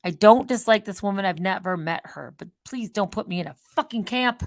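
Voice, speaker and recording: A woman hosting her own channel, rambling in a casual monologue that swings between loud outbursts and quiet muttered asides. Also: medium pitch, expressive, brisk, dry recording, clean studio sound. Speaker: channel host.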